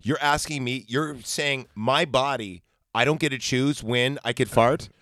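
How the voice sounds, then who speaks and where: A man's voice: mid-range voice, unhurried, bright, forceful tone, no echo. Dry-sounding, playful podcast man. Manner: playful, mock-serious arguing, laughs a lot. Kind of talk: crude comedic banter.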